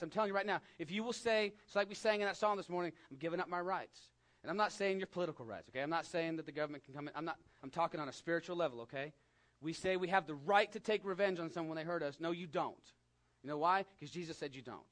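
Emphatic West Texas preacher man. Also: fairly high pitch. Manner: conversational preaching, rising to emphatic peaks, drops to hushed asides. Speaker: pastor. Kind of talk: sermon.

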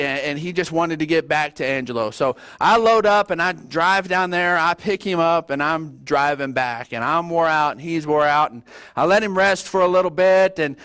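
A middle-aged man with a drawl delivers a sermon as a pastor. He tells stories in a folksy, animated way and often stumbles into restarts. His speaking voice sits noticeably high for a man. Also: clear, resonant tone. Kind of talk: sermon with storytelling.

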